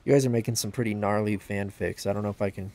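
A man casually commenting on a game livestream and reading chat aloud, joking at his own expense and yelping out loud during play. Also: quick pace, a little hiss or hum. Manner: excitable, bursts into high yelps during play; self-deprecating, joking. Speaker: gaming livestreamer.

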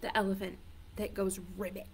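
A woman's voice: on the high side, lively intonation, slow pace, fairly bright tone. A woman reading a picture book aloud to toddlers as a children's librarian, playful and sing-song, coaxing the little ones to join in.

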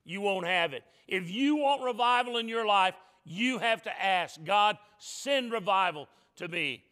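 A man with a high, bright, ringing voice preaches a sermon in a church. He is emphatic and folksy, going from loud declarations to quiet joking asides to his congregation. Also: lively intonation, unhurried, smooth. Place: church sanctuary.

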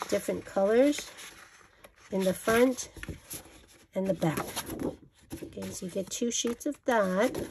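Woman craft vlogger, mid-pitched and gravelly, chatty and gushing, faint background hiss. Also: mellow. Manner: gushing, chatty, self-correcting. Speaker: craft vlogger showing a haul. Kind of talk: casual show-and-tell.

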